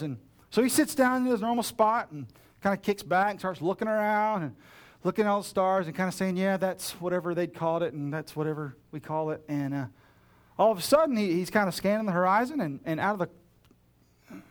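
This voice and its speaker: A man's voice: sits high, lively intonation, fairly quick. A man preaching a sermon in a casual, playful way, acting out the story's dialogue. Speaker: pastor.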